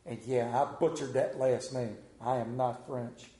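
A middle-aged man preaching a sermon, telling folksy stories and swinging between hushed and animated delivery. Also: mid-range voice, measured pace, a little hiss or hum. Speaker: pastor. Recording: echoey room.

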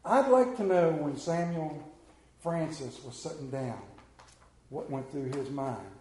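High-voiced preacher in an echoey room. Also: male voice, measured pace. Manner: preaching with dramatic swings between hushed reading and loud exclamation; jokes and asides to the congregation. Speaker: pastor. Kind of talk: sermon.

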